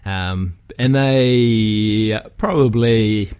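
Deep-voiced New Zealand man, chatty. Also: very slow, clean tone. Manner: relaxed, chatty, frequent fillers and restarts. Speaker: guest, physical therapist. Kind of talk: casual podcast conversation.

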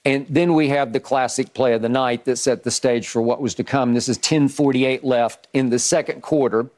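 A man's voice: medium pitch, fairly even intonation, moderate pace, darkish tone. A man hosting a sports talk show, breaking down football plays with emphatic repetition and rhetorical questions. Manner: emphatic, repeats words at starts, rhetorical questions. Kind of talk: animated football analysis chat.

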